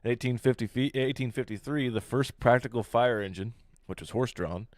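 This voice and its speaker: A man's voice: mid-range voice, a little fast, no echo, clean studio sound. A man co-hosting a casual podcast, reading history facts in a laid-back, crude way and laughing often. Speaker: podcast co-host.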